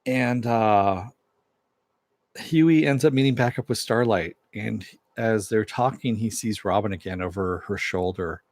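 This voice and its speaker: A man's voice: lowish voice, measured pace, dry recording. A man giving a casual recap of a TV episode, retelling it loosely with fillers and asides. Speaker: TV episode reviewer.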